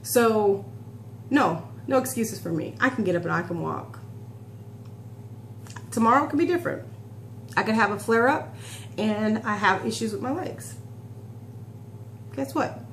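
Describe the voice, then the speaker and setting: A woman in her forties vlogs in a chatty, heartfelt way, close to tears and often starting sentences over. Her voice sits at a middle pitch. The room around her is echoey, with a faint hum underneath. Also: animated, a little slow, pauses often. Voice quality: emotional and chatty, with restarts. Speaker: vlogger. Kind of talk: casual talk to camera.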